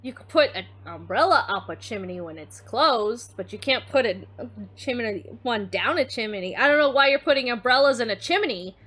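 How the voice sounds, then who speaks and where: A woman's voice: a little high, animated, moderate pace, pushed and bright. A woman streamer chatting casually on a live stream, working through riddles. She laughs often, swears in surprise and mutters the clues to herself. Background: faint background music.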